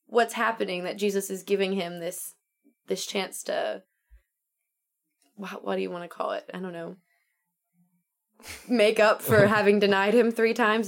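A woman chatting about faith in a casual, lively way, acting out what people in the story might have said. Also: medium pitch. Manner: animated storyteller who acts out quoted lines.

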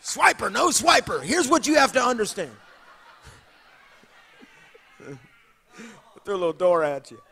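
A man preaching a sermon as pastor, swinging from hushed asides to shouted preaching. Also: high-pitched, very animated, normal speed, vocal fry. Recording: long hall reverb.

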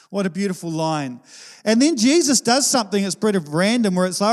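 A man's voice: high-pitched, fairly quick. A man, preaching a sermon to his church in an informal, conversational way. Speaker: pastor. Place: church hall. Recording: long reverb of a church hall.

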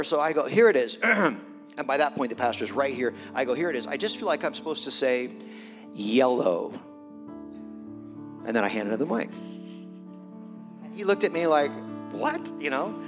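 A middle-aged man giving a conversational storytelling sermon as a guest preacher, self-deprecating and acting out his own quotes. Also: mid-range voice. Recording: long hall reverb with music.

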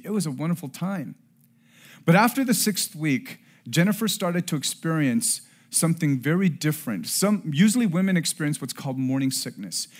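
A middle-aged pastor preaches a sermon built around a personal story, speaking earnestly in a fairly high pitch. He rises to loud emphasis and then drops to hushed tones.

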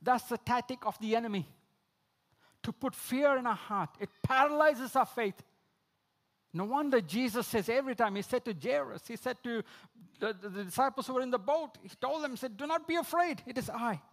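A man preaching a sermon, repeating key phrases, calling listeners friends, and swinging between emphatic outbursts and low, quiet lines. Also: normal speed. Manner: rises to emphatic high exclamations, drops low for quoted lines.

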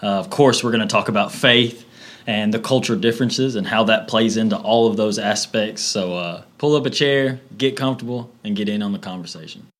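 A man's voice: on the low side, brisk, fairly bright tone. A man hosting a church interview, introducing it and asking questions in an upbeat, enthusiastic way.

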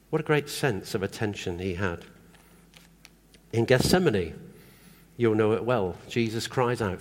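A man's voice: on the low side, expressive, measured pace, long pauses, slight background noise. A man preaching a sermon in a conversational way, often asking the congregation questions. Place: church hall. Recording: long hall reverb.

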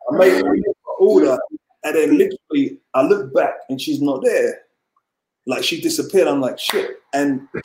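A man with a fairly high-pitched, darkish voice rambles through a long personal story as a podcast guest, full of fillers and restarts. The audio carries a roomy echo.

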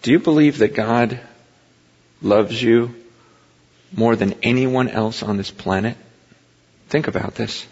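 A man delivers a sermon in a plain, mid-pitched voice, talking to the congregation as if chatting with them. The audio is slightly dull, and his words trail off into the long reverb of a large hall. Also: takes it slowly, long pauses, darkish tone, husky. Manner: conversational preaching, rising to impassioned emphasis. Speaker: pastor.

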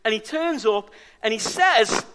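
A man's voice: high-pitched, animated, a little slow, noisy background. A man preaching a sermon as pastor, emphatic and fond of repeating key phrases for stress. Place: church service.

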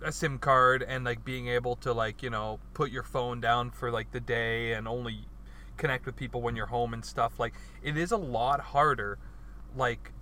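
A man chats in a rambling, easygoing way and often restarts his sentences. His voice is bright and forceful, with faint hiss in the background. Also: medium pitch, fairly even intonation, normal speed. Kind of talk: casual chat.

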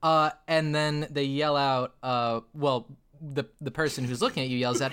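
A man's voice: mid-range voice, steady tone, normal speed, a bit bright, clear, resonant tone. A man narrating a tabletop game as game master, rambling with many fillers and laughs.

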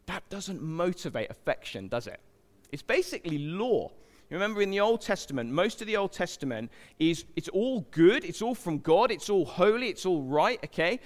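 A man's voice: on the high side, very animated, moderate pace, big-room sound. A man preaching a sermon in a chatty, joking way, often checking in with the congregation. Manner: chatty, joking, asks the congregation frequent "okay?".

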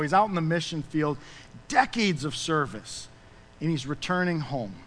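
A man preaching a sermon as pastor, emphatic, rising loud and dropping soft. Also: high-pitched, big-room sound.

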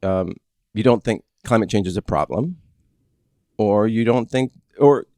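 A man hosting a casual podcast, explaining politics in a rambling, halting way with many restarts. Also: lowish voice, warm tone, dry recording, clean studio sound. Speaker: podcast host.

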